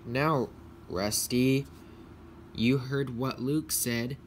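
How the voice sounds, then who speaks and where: A stern older railway boss speaks in a low, measured voice, as a man reading the story puts him on. He talks slowly over a faint hiss.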